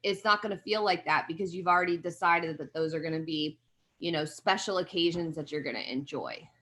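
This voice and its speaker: A woman's voice: low-pitched, brisk, fairly bright tone, a little hiss or hum. Woman coaching on a video call. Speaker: fitness group coach.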